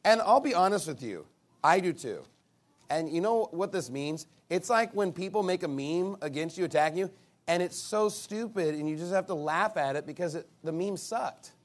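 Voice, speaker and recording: A male pastor preaching a sermon in an animated, emphatic way, with sarcastic asides. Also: sits high, normal speed.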